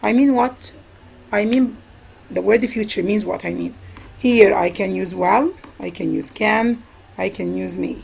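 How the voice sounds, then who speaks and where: Woman, Arabic native, English teacher, grammar review, raspy, gravelly, repeats key words. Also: mid-range voice, measured pace, a little mellow, low-quality recording. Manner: asks questions and answers them herself, repeats key words.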